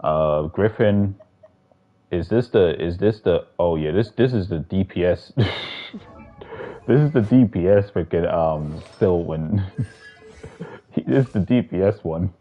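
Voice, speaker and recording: A man's voice: low voice, measured pace, pauses often, dull audio, soft background music. A man streamer giving casual, rambling, profane commentary while playing a game. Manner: rambling, profane, restarts often. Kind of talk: casual gaming livestream commentary.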